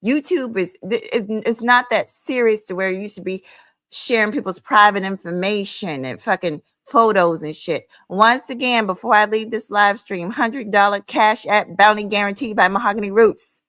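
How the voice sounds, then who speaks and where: A woman's voice: mid-range voice, moderate pace, a bit bright, no echo. A woman hosting her own livestream, ranting heatedly in a sassy, profane, scolding way, calling listeners honey and child. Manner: emphatic, with frequent "honey" and "child". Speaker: livestream host.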